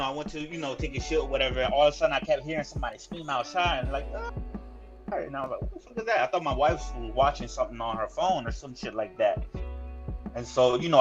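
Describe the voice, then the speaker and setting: A young adult man on a podcast, telling a story in a rambling, profane way, with fillers and restarts and sudden yelled quotes. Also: mid-range voice, muffled recording. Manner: acts out quotes with sudden loud yells. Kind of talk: casual podcast chat, storytelling.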